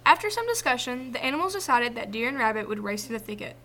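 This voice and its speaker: A woman reading a children's folktale aloud, in a clear and expressive storytelling voice. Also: on the high side, quick pace.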